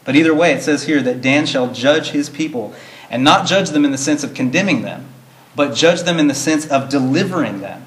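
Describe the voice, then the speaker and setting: A man's voice: a little high, animated, a little fast. A man teaching a verse-by-verse Bible study, reading verses in old-fashioned wording and explaining them in plain, earnest terms. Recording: roomy echo.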